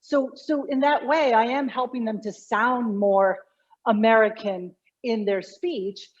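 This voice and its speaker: A woman's voice: fairly high pitch, fairly even intonation, measured pace, muffled recording. A middle-aged woman, a communication coach, explaining her work animatedly in an interview, often restarting her sentences. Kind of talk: conversational interview.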